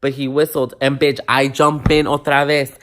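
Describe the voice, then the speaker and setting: A man's voice: mid-range voice, moderate pace. Young man telling a profane storytime. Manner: animated, profane, mixes in Spanish words. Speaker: vlogger. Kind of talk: casual storytime to camera.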